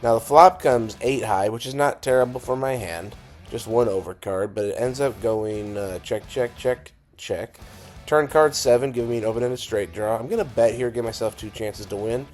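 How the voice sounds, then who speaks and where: Hoarse raspy man narrating poker hands. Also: mid-range voice, moderate pace, a little mellow. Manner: casual, wry, self-deprecating. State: hoarse, dry scratchy throat. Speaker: poker vlogger.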